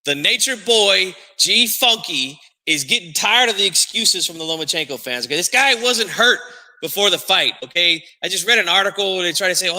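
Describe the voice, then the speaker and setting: A man hosting a boxing podcast, loud and theatrical, who talks about himself in the third person. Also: high-pitched, long reverb tail. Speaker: podcast host. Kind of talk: hyped-up boxing talk.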